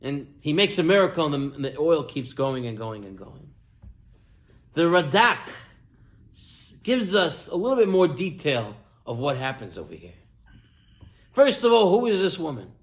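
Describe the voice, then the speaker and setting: A man, a rabbi, preaching a sermon as an animated storyteller who addresses listeners directly and swings from loud to near-whisper. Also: on the high side, normal speed.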